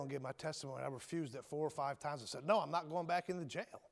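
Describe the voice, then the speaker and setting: A high-pitched preacher, an ex-convict prison minister, shares his testimony in a sermon, swinging from ringing shouts to low near-whispers. He's folksy, calling listeners "brother" and "my friend," talking fast and creakily with few pauses. His voice rings out with a long reverb in a church hall.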